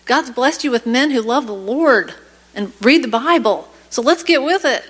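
A woman's voice: high-pitched, lively intonation, moderate pace, a bit bright, low-quality recording. A woman speaking as a guest in a church service, telling a personal story and rising into passionate exhortation. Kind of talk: preaching testimony. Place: church sanctuary.

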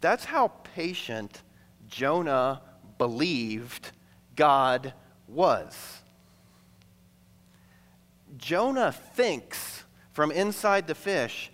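A man preaching a sermon to a congregation, conversational and playful, acting out quick asides between the teaching. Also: a little high, very animated, fairly bright tone. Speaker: pastor. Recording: long hall reverb.

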